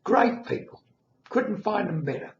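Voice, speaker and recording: A man's voice: sits high, animated, unhurried, reverberant, lo-fi sound, slight background noise, voice pushed up. A man voicing a cheerful male driver who speaks eagerly in praise. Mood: enthusiastic.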